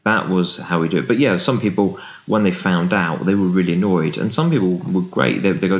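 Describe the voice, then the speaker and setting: A man's voice: sits low, normal speed. A man, a business founder, chatting casually as an interview guest and acting out what people said to him. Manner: animated storyteller, acts out quoted voices. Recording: roomy, dull remote recording.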